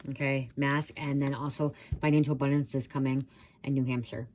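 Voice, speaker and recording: Low-voiced woman blurting psychic messages. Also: level tone, a little fast, mellow, a little hiss or hum. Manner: rambling, blurts out words she hears, casual swearing. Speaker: psychic reader. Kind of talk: channeled tarot reading.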